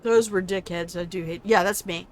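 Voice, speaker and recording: A woman's voice: on the low side, steady tone, normal speed. Older woman streamer, salty and teasing. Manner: salty, swearing, teasing banter with chat. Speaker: gaming streamer. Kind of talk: casual gameplay commentary.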